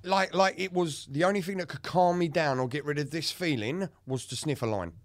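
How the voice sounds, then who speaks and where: On a laid-back podcast, a male co-host talks briskly in a slightly high voice, the sound clean and studio-grade with no echo. He's open about his own experience, cursing liberally while spinning it into a lively story.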